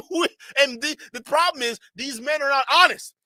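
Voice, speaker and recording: A man with a high, bright voice rants through a reaction commentary. He talks bluntly and profanely, breaking into laughter and mocking asides. The sound is dry and close. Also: normal speed, dry recording. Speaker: streamer commentator.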